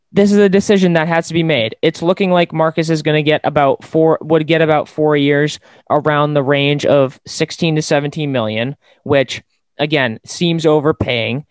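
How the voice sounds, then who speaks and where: A man's voice: on the high side, moderate pace, no room sound. A man hosting a casual sports podcast, rambling and opinionated, with lots of fillers. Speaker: podcast host.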